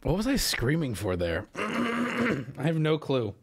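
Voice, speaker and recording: Wildly swooping excitable male streamer. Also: on the high side, takes it slowly, gravelly, very noisy. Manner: excitable, swearing, big swings from mumbling to yelling. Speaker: streamer host. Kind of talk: live-stream reaction to viewer media.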